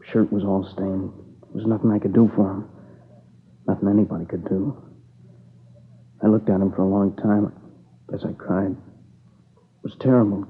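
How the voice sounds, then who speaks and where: A man's voice: lowish voice, fairly even intonation, breathy edge. An actor playing an exhausted, tearful young man who halts and speaks in a subdued voice as he recounts his friend's murder. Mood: grieving. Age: young adult. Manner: halting, subdued, weary. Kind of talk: dramatic dialogue. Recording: tinny lo-fi old broadcast.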